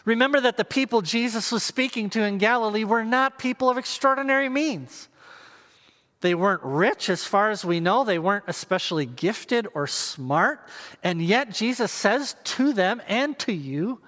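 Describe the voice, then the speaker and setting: A man preaching a sermon to viewers, earnest and measured, with pauses and emphatic repetition. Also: high voice, sharp tone, in a large hall. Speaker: pastor.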